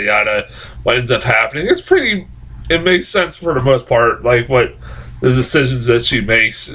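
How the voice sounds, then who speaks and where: A man's voice: medium pitch, pushed and bright, poor audio. A man giving a casual, rambling movie review, full of fillers, restarts and swearing. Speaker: film reviewer.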